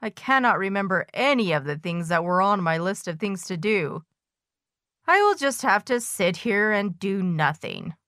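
A woman's voice: expressive, moderate pace, a bit bright, no echo, studio quality, natural voice. A woman doing a fussy, fretful little toad. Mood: glum. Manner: frantic, high-pitched outbursts. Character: fussy anxious male toad, small, list-bound.

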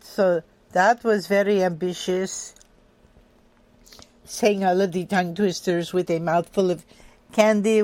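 Radio lady host, lowish voice, slow easy pace, faint music under. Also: darkish tone. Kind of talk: casual radio chat.

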